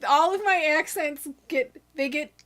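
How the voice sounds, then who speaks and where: A giggly woman co-hosts a live stream and reads comments from viewers aloud. Her voice sits a little high, and she laughs easily in between remarks. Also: moderate pace, a bit bright. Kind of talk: casual chat, reading viewer comments.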